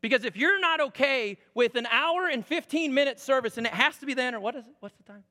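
A man in his forties preaching a sermon as a pastor, conversational and animated, rising to loud emphasis. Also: extremely high pitch, fast. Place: church sanctuary. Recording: echoey church hall.

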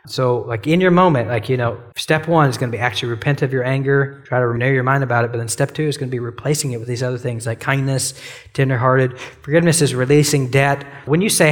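A man's voice: mid-range voice, a little fast, long reverb tail. Casual-talking man teaching from the Bible. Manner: conversational, frequent "like" and "you know", acts out quoted prayers and apologies.

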